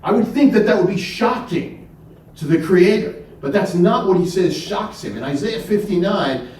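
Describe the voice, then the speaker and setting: A middle-aged man with a high-pitched, animated, somewhat dark voice delivers a faith-based keynote at a moderate pace, telling stories earnestly and emphatically with repeated words. Recorded from a distance in an echoey church hall.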